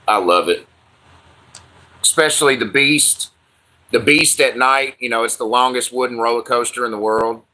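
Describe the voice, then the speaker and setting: A man's voice: fairly low pitch, pushed and bright. A man hosting a casual livestream, chatting with viewers in loose, slangy, profane banter. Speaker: livestream host.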